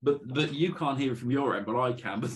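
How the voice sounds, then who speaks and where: A man's voice: mid-range voice, slight background noise. A man hosting a casual interview over a video call, playful and prone to tangents. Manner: quick, playful, goes off on tangents. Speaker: interview host.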